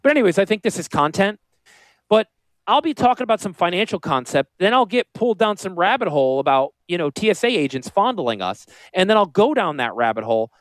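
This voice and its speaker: A man with a Northern US accent hosts a radio talk show as a financial planner. His fairly high voice swoops up and down as he rambles, pitches and jokes. The sound is dry and close. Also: very animated, fairly quick, dry recording. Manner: rambling, salesy and joking.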